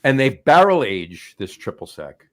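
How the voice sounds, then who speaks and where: A middle-aged man co-hosting a casual podcast, talking in a rambling way with many pauses and restarts. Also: mid-range voice, big pitch swings. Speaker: co-host.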